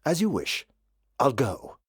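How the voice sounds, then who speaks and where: A woman voicing a polite, bookish male monster with a low, breathy voice in a children's story read-aloud. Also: very animated, takes it slowly, no echo, clean studio sound, heavily acted. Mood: mild, polite. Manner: mild, formal.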